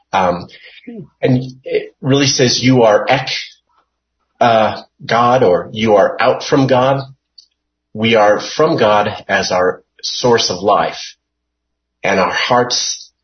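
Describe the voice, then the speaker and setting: A man leading a Bible study, reading scripture aloud and explaining it word by word in a hesitant way with many fillers. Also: fairly low pitch. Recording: dull lo-fi recording.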